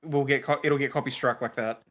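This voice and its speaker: A man's voice: medium pitch, fairly even intonation, a little fast, fairly bright tone. A man co-hosting a casual live stream who explains things chattily with frequent restarts. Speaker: stream co-host.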